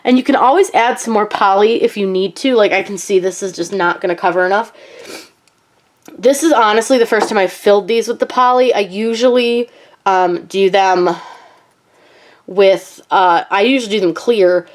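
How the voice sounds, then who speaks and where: A woman's voice: medium pitch, moderate pace. Chatty woman with a nasal cold voice. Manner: chatty, frequent ums and likes. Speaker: craft channel host. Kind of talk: casual craft tutorial.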